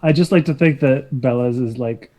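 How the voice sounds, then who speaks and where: A man playing a tabletop game on a live stream, joking around in an unhurried way. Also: mid-range voice, warm tone. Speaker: player.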